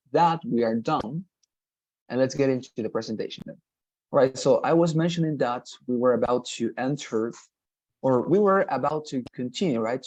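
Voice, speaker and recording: A man's voice: mid-range voice, darkish tone, no room sound, highs cut off. Patient man teaching English pronunciation. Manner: patient, repetitive, models pronunciations slowly, frequent "right?" checks. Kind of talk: online lesson.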